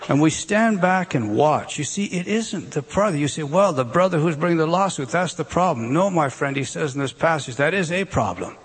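A man's voice: fairly high pitch, expressive, normal speed, hardly any pauses, husky. A man preaching a sermon with emphatic delivery and rhetorical questions. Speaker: pastor.

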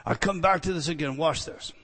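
High-voiced guy preaching, repeats himself, goes loud then hushed, big echoey church hall. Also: fairly quick. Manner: emphatic, repetitive, swings from loud to hushed. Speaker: pastor. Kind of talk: sermon.

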